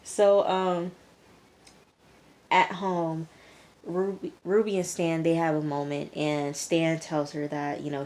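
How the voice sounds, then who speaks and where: A young woman with a notably low-pitched voice talks through a TV episode in a relaxed, chatty recap. She fills her sentences with "um," "like" and "you know" as she goes. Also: slight background noise. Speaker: TV reviewer.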